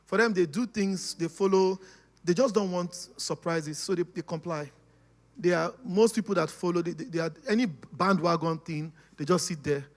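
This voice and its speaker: A man giving a lively, casual teaching talk, laughing often and checking that his listeners follow. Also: sits high, moderate pace. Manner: animated, laughing, acts out quoted voices, keeps asking "you understand?". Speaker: speaker on personality types.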